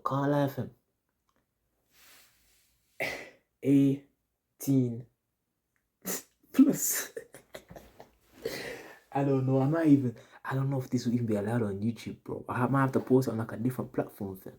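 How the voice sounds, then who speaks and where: A man's voice: medium pitch, unhurried, long pauses, mellow. A young man telling a story to his audience in a casual, rambling, slang-heavy way, repeating himself often. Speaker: vlogger.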